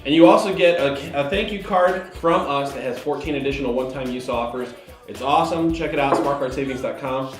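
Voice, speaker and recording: A man's voice: medium pitch, brisk. A man hosting a casual chat show, upbeat and playful, singing out some lines and reading a sponsor spot. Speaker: host. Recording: echoey room, faint music.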